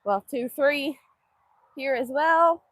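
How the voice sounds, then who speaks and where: A woman's voice: sits high, takes it slowly, fairly bright tone, no echo. A woman from Northeast Texas, hosting a casual livestream from an outdoor cow pen. She chats affectionately, answers viewer comments and coos to the animals in a sing-song baby voice. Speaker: livestream host.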